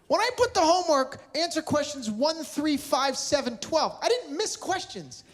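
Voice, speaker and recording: A man's voice: very high-pitched, sing-song, normal speed, noisy background. A man doing stand-up comedy with crowd work, blunt and teasing, from Canada with a Canadian accent. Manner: sarcastic, blunt, teasing the audience. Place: large live venue with audience laughter.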